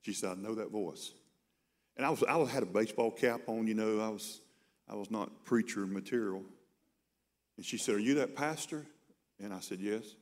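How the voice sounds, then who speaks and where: A pastor delivers a sermon like he is telling a story to friends. His voice sits a little low. He often stumbles and repeats words as he begins a thought. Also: moderate pace, pauses often. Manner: conversational storytelling, repeats words when starting sentences.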